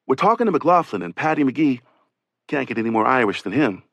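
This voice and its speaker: Narrating an oral history audiobook, a man recounts a rescuer's experience in first person, giving the witness testimony a conversational feel. His mid-range voice is sing-song and fairly quick, recorded dry.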